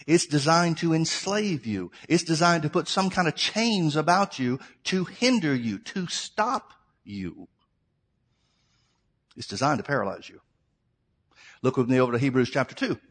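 Middle-aged guy preaching, slightly high voice, chatty sermon w/ lots of rhetorical questions. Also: very animated, unhurried. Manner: conversational preaching, asks rhetorical questions and addresses "folks".

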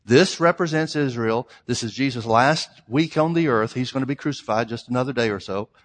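A man's voice: mid-range voice, fairly bright tone. A man preaching a sermon, emphatic, stretching out the scripture lines he reads. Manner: emphatic, reads scripture in old-style phrasing. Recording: long hall reverb.

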